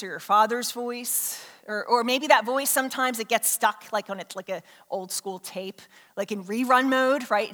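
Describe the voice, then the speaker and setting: A woman pastor gives a sermon in a chatty, unpolished way, full of "um"s and restarts. Her voice is bright and slightly high. It echoes with the long reverb of a large church hall. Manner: conversational, with many fillers and restarts.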